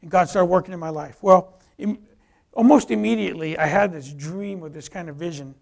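A man giving a personal testimony as an animated story, acting out dialogue and restarting often. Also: high-pitched, a little fast, creaky.

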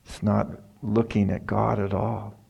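A man's voice: fairly low pitch, little pitch movement, a little slow, gravelly, a little mellow, husky. A middle-aged male preacher retelling a Bible story in a folksy, casual sermon.

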